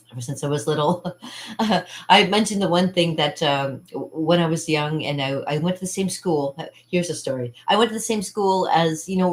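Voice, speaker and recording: A woman hosting her own channel chats casually and rambles from one thought to the next. She laughs often and acts out what other people said. Her voice sits a little low. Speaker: channel host. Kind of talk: casual vlog chat.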